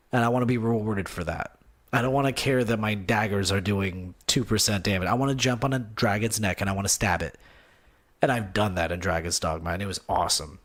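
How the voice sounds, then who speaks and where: A young man hosting a casual solo gaming podcast, rambling and excitable, swinging between low muttering and loud outbursts. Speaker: podcast host.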